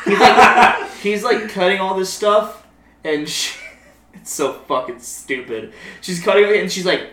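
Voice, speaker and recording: A man's voice: sits high, measured pace, fairly bright tone. A young man chatting casually with friends, telling crude stories with lots of laughter and acting out the voices in them. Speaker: friend in group chat. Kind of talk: casual chat. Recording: roomy echo, distant mic, faint ambience.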